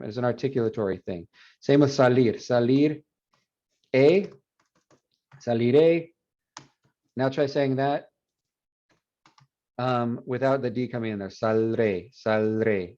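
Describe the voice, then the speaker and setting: A male Spanish professor giving an animated university lecture, repeating example words aloud to demonstrate. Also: medium pitch. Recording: dull lo-fi classroom recording.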